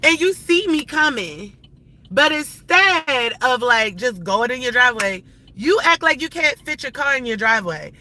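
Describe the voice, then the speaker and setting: A woman ranting bluntly and profanely while driving, her voice moving between loud outbursts and hushed asides. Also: a little high, normal speed. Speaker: live-stream host. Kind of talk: ranting live-stream vlog. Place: inside a car while driving. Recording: steady car and road noise.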